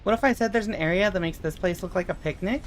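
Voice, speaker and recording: A young adult woman streaming a game, chatting casually with her chat and swearing in expressive outbursts. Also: medium pitch, fast talker, a little hiss or hum.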